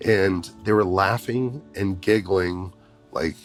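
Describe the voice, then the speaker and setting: A man talking as a podcast guest, an animated storyteller who laughs often. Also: low-pitched, takes it slowly, soft background music. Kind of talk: casual conversation.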